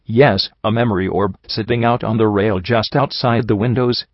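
Low-voiced man narrating a story. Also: fairly even intonation, normal speed, dry recording. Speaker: audiobook narrator. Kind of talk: first-person story narration. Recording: dull lo-fi recording.

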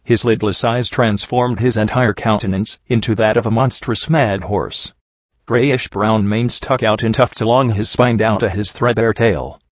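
Low-voiced man reading a story aloud. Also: no room sound, dull audio. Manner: steady, measured storytelling. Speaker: audiobook narrator. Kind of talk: first-person audiobook narration.

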